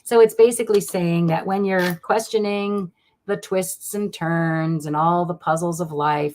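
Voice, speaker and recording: A woman's voice: fairly low pitch, fairly even intonation, normal speed, a little mellow, slight background noise. A woman hosting a live stream of card readings, talking in a chatty, gushing way with lots of fillers and restarts.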